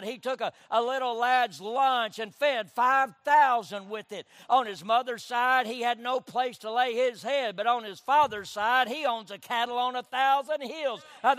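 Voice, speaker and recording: Man preaching a sermon, high voice, dry close sound, loud and hushed by turns. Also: dry recording. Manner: preaching with call-and-response amens, swinging from loud to hushed. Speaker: pastor.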